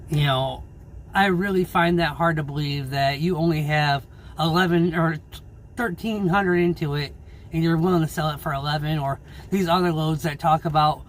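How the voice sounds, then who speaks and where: Angry swearing trucker ranting. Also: male voice, a little high, slight background noise. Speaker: owner-operator truck driver. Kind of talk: casual vlog rant. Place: in his truck.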